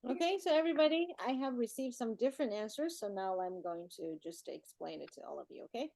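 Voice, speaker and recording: High-voiced woman walking through math problems. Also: lively intonation, fast, creaky, a little mellow. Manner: keeps checking in with "okay, everybody". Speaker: math tutor. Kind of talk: explaining math problems to a group.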